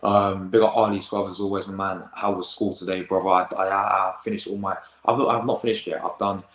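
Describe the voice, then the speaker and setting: Low-voiced slangy teen lad streaming. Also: male voice, brisk, echoey room, poor audio. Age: teens. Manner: excitable, rambling, slangy. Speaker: football reaction host. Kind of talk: casual live-stream chat.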